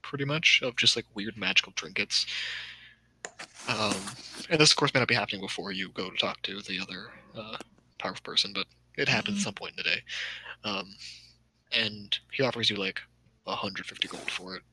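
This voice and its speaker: A man's voice: fairly low pitch, fairly quick, bright, forceful tone, slight background noise, low-quality recording. A man running a tabletop game as game master, narrating with many fillers.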